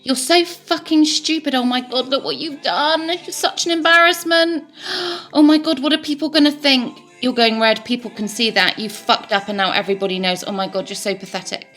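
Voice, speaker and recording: A woman's voice: lowish voice, level tone, fairly bright tone, soft background music. A woman voicing her own harsh inner critic, firing off scornful insults and anxious worries. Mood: berating. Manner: berating, rapid-fire insults.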